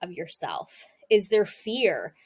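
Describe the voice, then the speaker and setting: A woman's voice: lowish voice, very animated, slow. A young woman hosting a casual astrology talk, chatty and candid, laughing often and using many fillers. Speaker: astrology host. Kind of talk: casual spiritual talk to camera.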